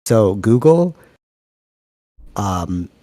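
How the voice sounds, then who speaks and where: A man with a lowish voice talks in a quick, animated, rambling way as a podcast co-host. He is on a video call. The sound is dry and close. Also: no echo. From Canada. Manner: fast-talking, rambling, animated. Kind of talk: casual chat.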